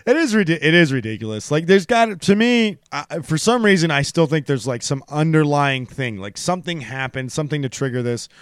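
A man co-hosting a podcast in a casual, animated chat, laughing often and jumping high in pitch when surprised. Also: a little fast, hardly any pauses, smooth, no echo, studio quality. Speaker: podcast co-host.

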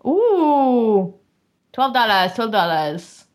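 A woman's voice: on the high side, sing-song, a little slow, pushed and bright. A woman calling bids in a casual auction game among friends, laughing often and sing-songing the calls. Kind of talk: casual podcast banter.

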